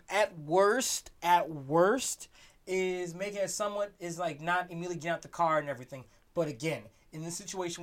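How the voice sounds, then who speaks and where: A man's voice: on the high side, fairly bright tone. A man co-hosting a casual podcast chat, earnest and argumentative, often restarting his sentences. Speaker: podcast co-host.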